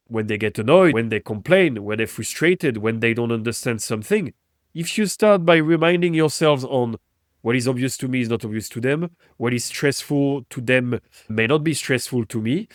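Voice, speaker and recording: A man's voice: medium pitch, no room sound, studio quality. A man hosting a business podcast, reflecting on customer perspective and posing thoughtful questions to his guest. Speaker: podcast host. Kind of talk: interview podcast.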